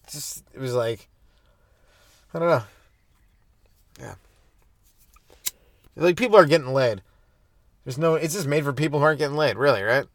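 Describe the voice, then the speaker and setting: A young adult man hosting a comedy podcast, stoned and rambling loosely through jokes with sudden animated bursts. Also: on the high side, moderate pace, pauses often, dry recording. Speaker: podcast host.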